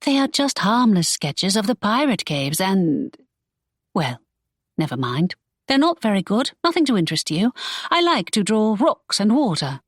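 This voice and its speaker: A woman's voice: medium pitch, sing-song, normal speed, no echo. Give me a woman playing a spirited, indignant young woman in an audiobook, in a dry close recording. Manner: exasperated, protesting. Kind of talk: audiobook character voice.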